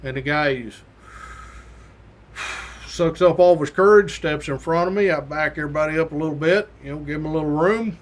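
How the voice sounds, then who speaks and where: Male host, a touch high-pitched, spinning a folksy yarn with acted-out quotes. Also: fast talker, few pauses, a little hiss or hum. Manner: folksy and colloquial, with mild swearing; acts out the quoted voices of others. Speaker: host recounting his academy days. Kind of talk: casual spoken storytelling.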